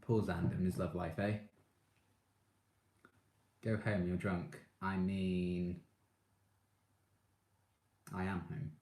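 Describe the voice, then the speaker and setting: Deep voiced guy on a livestream reading chat, laughs a lot, gushes over shows, echoey room. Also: steady tone, takes it slowly, long pauses, darkish tone. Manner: chatty, gushing fan, laughs often. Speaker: live streamer reading chat. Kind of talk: casual live-stream chat.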